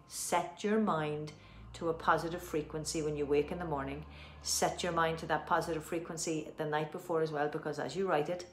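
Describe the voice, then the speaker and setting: A woman with an Irish accent leading a guided tapping session, giving gentle instructions and slow, soothing affirmations. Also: sits low, a little hiss or hum. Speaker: tapping practitioner. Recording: roomy echo.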